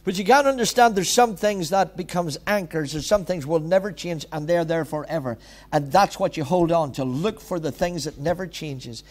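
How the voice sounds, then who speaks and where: Emphatic high-pitched pastor. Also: male voice, normal speed. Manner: emphatic, repetitive preaching with direct exhortations. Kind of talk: sermon.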